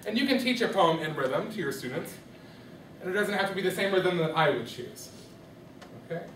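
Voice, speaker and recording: A man's voice: sits high, lively intonation, brisk, a bit bright, slight background noise. A man teaching rhythm to a class, often checking that his students follow along. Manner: questioning, checks understanding often. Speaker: music teacher. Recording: echoey classroom from far off.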